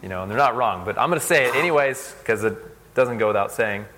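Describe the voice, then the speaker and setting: A young man giving a casual, conversational sermon. He uses lots of "like" and tells stories in an animated way. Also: medium pitch, fast talker, a little hiss or hum. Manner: conversational, fillers like "like", animated storytelling. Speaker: speaker at a church service.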